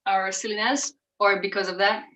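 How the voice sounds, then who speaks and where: A woman co-hosts a home cooking show in casual chat. She talks in a reflective way and laughs often. Her voice sits in a middle pitch, and the kitchen around her sounds echoey. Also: fairly even intonation, moderate pace, sharp tone.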